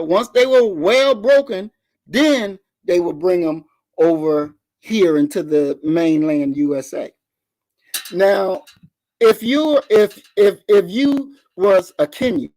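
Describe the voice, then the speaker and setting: A man's voice: high voice, darkish tone. A man speaking as a guest on an online talk radio show, making an emphatic, lecturing argument and often repeating words as he builds his point.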